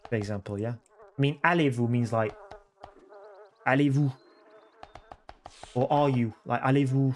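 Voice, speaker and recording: A man chatting casually with livestream viewers from his home computer room, repeating phrases and correcting himself as he goes. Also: mid-range voice.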